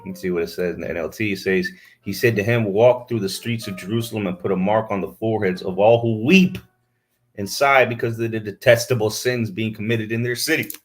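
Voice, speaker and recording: A man's voice: on the low side, steady tone, quick pace. A man preaching a fiery sermon, scolding his listeners and reading scripture aloud into a camera he set up himself.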